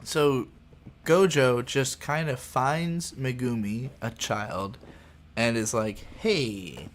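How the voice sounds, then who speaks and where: A man's voice: medium pitch, fairly even intonation, slow pace. A man hosting a casual anime podcast, rambling through scene recaps and swearing for emphasis. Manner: rambling, many fillers and restarts, swears for emphasis. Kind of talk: casual chat.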